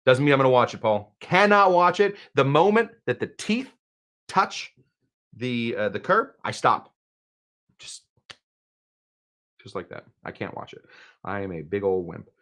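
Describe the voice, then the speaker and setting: A man in mid pitch hosts a live cocktail show and chats loosely to his viewers. He rambles from one topic to the next and stops to read out their comments. His delivery is loose, jokey and unscripted. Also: very animated, a little slow, pauses often, a bit bright. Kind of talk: casual live-stream chat.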